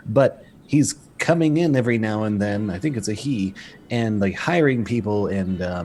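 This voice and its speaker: A man's voice: mid-range voice, darkish tone, slight background noise, close to an everyday voice. A man voicing a hungry, rambling male gnome adventurer who talks while eating. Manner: mouth full, rambling and eager.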